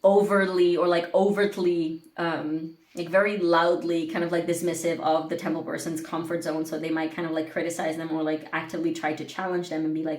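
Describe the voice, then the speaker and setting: A woman's voice: sits low, flat delivery, fairly quick, roomy sound, slight background noise. A woman giving a casual tarot reading to camera, chatty and rambling with lots of "like". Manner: chatty and rambling, heavy use of "like". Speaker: tarot reader. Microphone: camera mic.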